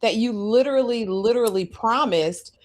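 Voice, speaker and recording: A woman's voice: fairly high pitch, moderate pace, darkish tone. A woman co-hosting a TV review show, chatting casually and dramatically, firing off rhetorical questions.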